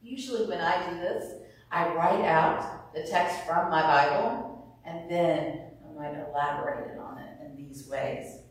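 Calm woman teaching bible practices, steady explainer tone, lots of room echo. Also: deep voice, unhurried, far from the mic. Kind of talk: teaching on scripture meditation. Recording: roomy echo, voice somewhat off-mic.

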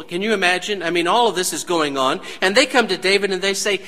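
A man's voice: high voice, a little fast, hardly any pauses, pushed and bright, big-room sound. A man preaching a sermon, dramatic and full of rhetorical questions to his congregation. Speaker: pastor.

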